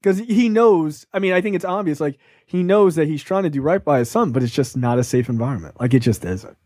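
Man, film podcast co-host, slightly high voice, dry close sound, casual and profane. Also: lively intonation, a little fast, darkish tone, no room sound. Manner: loose and profane, laughs often, quotes characters.

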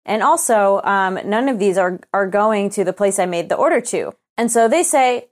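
A woman's voice: medium pitch, expressive, normal speed. A young woman co-hosting a podcast, telling a story as a casual rant, swearing freely and acting out both sides of her email exchanges. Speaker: podcast co-host.

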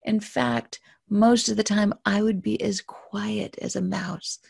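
A hungry storybook wolf pleads to be understood and bargains in slow, wheedling rhyme, as a woman puts him on. His voice is gravelly and husky and sits higher than the storyteller's own. It is recorded close and dry. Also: fairly even intonation, a little mellow, no room sound, exaggerated voice. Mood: coaxing. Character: hungry misunderstood male wolf, coaxing.

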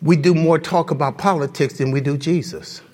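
A man's voice: a little high, fairly even intonation, moderate pace, darkish tone. A man preaching an impassioned sermon to his congregation, speaking to them directly and asking rhetorical questions. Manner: conversational, addresses the congregation directly. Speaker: pastor.

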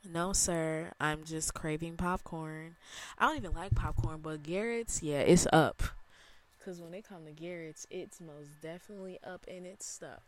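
A woman's voice: low-pitched, steady tone, normal speed. A young woman from Chicago hosting a casual solo podcast from her bedroom, chatty and rambling, with slang and easy laughter. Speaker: podcast host.

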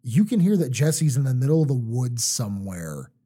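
Mellow, husky podcast host. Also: male voice, mid-range voice, big pitch swings, moderate pace. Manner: chatty, amused aside to listeners. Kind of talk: casual podcast chat.

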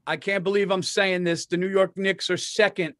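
A man telling stories in casual podcast chat, swearing and laughing, slipping into quick impressions. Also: high voice, little pitch movement, fairly bright tone, no echo, studio quality. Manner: profane, laughing storyteller doing quick impressions. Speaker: podcast co-host.

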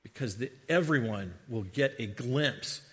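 A middle-aged man, a guest preacher, giving a sermon with a humorous personal story, animated and joking as he tells it. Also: medium pitch, measured pace, husky. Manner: animated storyteller, jokey asides. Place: church sanctuary. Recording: long reverb of a large hall.

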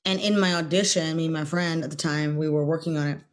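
This low-pitched, fast-talking middle-aged woman is an actress being interviewed as a podcast guest. Her storytelling is lively, punctuated by loud, dramatized quotes.

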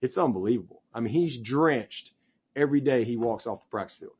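A man's voice: medium pitch, lively intonation, brisk, breathy edge, dull audio. A man, a head football coach, answering press conference questions with enthusiasm, rambling and restarting his sentences.

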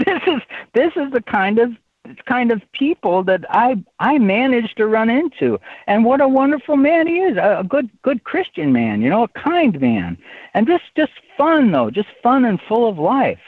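A man's voice: extremely high pitch, very animated, moderate pace, no room sound. A man who is an author, telling a rambling anecdote in an interview and often saying "you know". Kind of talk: storytelling in an interview. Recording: tinny phone-like line.

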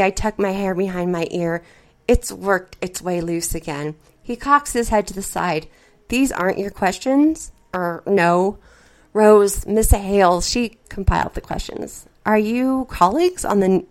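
A woman reading a first-person story aloud, with expressive, flustered narration. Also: mid-range voice.

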